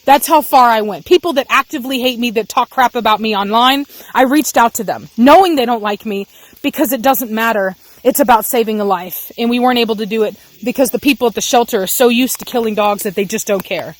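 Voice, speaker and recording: A woman's voice: fairly high pitch, fairly quick, no echo. A young woman with a Texan accent, a dog breeder ranting angrily and passionately in a vlog, often repeating herself. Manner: angry, impassioned, repeats herself. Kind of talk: emotional vlog rant.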